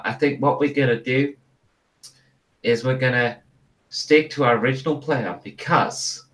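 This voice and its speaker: A man's voice: mid-range voice, fairly bright tone. A man running a live-streamed tabletop game, rambling, swearing and restarting his sentences. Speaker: game master.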